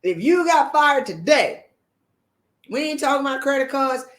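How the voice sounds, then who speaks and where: A woman's voice: high voice, animated, moderate pace, fairly bright tone, echoey room. A woman leadership coach giving a motivational talk, blunt and emphatic, firing off rhetorical questions in sassy, colloquial speech.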